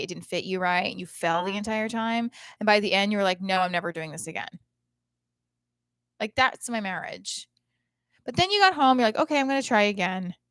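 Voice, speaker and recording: A woman's voice: medium pitch, fairly bright tone, no echo, clean studio sound. Profane, rambling woman comic. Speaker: podcast host and comedian. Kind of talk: casual comedic monologue.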